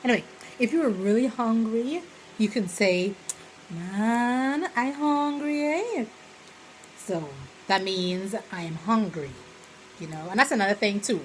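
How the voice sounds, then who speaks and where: A woman's voice: medium pitch, moderate pace, a little hiss or hum, rough recording. Chatty Bahamian woman explaining sayings. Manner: chatty, rambling, full of "you know" fillers; slips into lively quoted examples. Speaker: vlogger. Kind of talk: casual explainer vlog.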